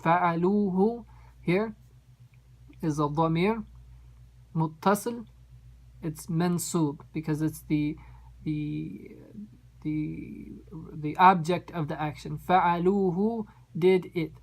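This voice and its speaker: A woman's voice: on the low side, steady tone, measured pace, long pauses, a little mellow, poor audio. A woman teaching an Arabic text, reading each phrase and then translating it word by word and explaining its grammar. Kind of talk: line-by-line text translation lesson.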